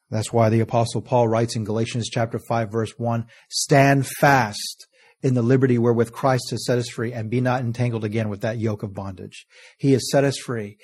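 A man delivers an earnest sermon in a warm, mellow voice of middle pitch. He slows to stress each word when reading scripture and lets his phrase ends sink low and quiet. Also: husky. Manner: earnest, often trailing off softly at phrase ends; reads scripture in slow, stressed King James cadence. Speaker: preacher.

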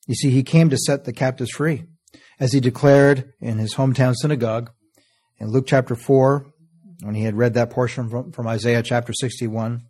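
A man preaching a sermon, earnest, reading scripture slowly and letting phrase ends fall soft. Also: medium pitch, fairly even intonation, husky. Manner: earnest, often trailing off softly at phrase ends; reads scripture in slow, stressed King James cadence.

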